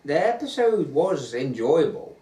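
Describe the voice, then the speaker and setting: A man's voice: fairly high pitch, sing-song, a little slow, mellow, distant mic. A man with an East Midlands accent, co-hosting a casual reaction chat and rambling through restarts. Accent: East Midlands English. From England, Nottingham area. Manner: rambling, many restarts and hedges. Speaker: co-host of a reaction show. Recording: roomy sound from off the mic.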